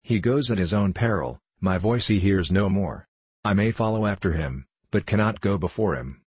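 A man voicing Wisdom, a sorrowful, wise old man, in a storybook reading, speaking gravely. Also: deep voice, moderate pace, darkish tone, no room sound. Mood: grave, solemn. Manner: grave, solemn speech.

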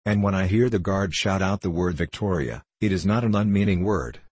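A man's voice: low voice, brisk, darkish tone, husky, no echo. A man voicing a passionate young male poet in an audiobook reading, speaking in a declamatory way. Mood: impassioned. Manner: impassioned, declamatory.

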